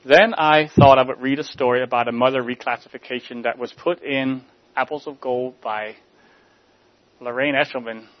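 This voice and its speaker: Man preaching, measured, slightly muffled. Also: medium pitch, fairly even intonation. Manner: measured, rhetorical, drops soft at line ends. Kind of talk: sermon.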